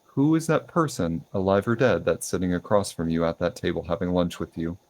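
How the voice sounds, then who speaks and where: A young man hosting a podcast, asking questions in a relaxed way with many ums and uhs. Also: deep voice, fairly quick. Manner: relaxed, lots of fillers like um and uh. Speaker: podcast host. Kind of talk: casual interview questions.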